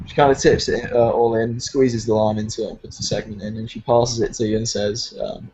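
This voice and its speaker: A man's voice: medium pitch, level tone, a little fast, hardly any pauses, dark tone, muffled recording, slight background noise. A man with a British accent narrating as game master, rambling with many fillers.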